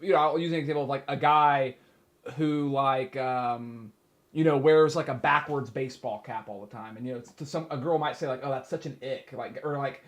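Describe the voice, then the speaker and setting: A man's voice: mid-range voice, fairly even intonation, a little fast. A man hosting a livestream, chatting casually in a teasing, rambling way with lots of fillers. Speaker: streamer host. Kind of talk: casual chat.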